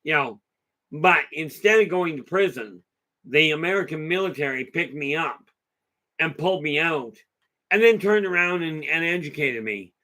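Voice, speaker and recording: At a normal pace and with an animated delivery, a man hosting a casual live talk spins a long, chatty, rambling story. His bright voice sits a little high, and he keeps restarting sentences and stepping aside to answer comments from viewers.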